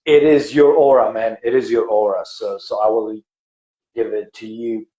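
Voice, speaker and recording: A man hosting a podcast, retelling a spiritual parable with dramatic, preacher-like swells and hushes, emotional. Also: on the low side, steady tone, moderate pace. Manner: emotional, voice breaking. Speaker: podcast host. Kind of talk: emotional storytelling conversation. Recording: echoey, dull lo-fi room.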